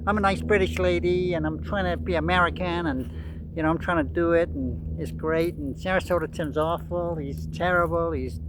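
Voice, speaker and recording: A man voicing a prim British lady who is trying to sound American, in a high mocking impression. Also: fairly even intonation, normal speed, noisy background, close to an everyday voice.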